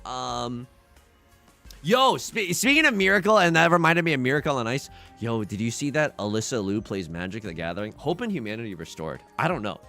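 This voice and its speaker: A man streaming a mahjong game, chatting in a rambling, excitable way and shouting when the game turns. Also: mid-range voice, fairly quick, creaky, faint music behind. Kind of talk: livestream commentary over a mahjong game.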